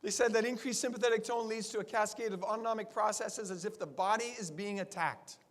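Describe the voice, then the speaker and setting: A man in his sixties speaks at a seminar with a notably high voice for a man. He talks emphatically and keeps tossing rhetorical questions at his audience of colleagues. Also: fairly quick. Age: 60s. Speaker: chiropractor addressing fellow chiropractors. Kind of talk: seminar talk.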